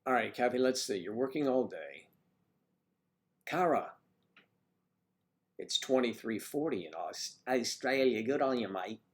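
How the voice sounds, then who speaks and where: A man's voice: mid-range voice, lively intonation, a little slow, long pauses. A man hosting a casual livestream, rambling and chatting with viewers by name as he reads the chat. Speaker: livestream host reading chat.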